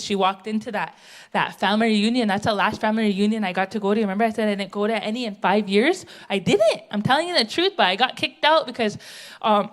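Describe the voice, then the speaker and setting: A middle-aged woman from the United States doing a blunt, brash stand-up set on a theatre stage, speaking into a stage microphone. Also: medium pitch. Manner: blunt, brash, tell-it-how-it-is. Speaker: stand-up comedian. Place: theatre stage, live audience.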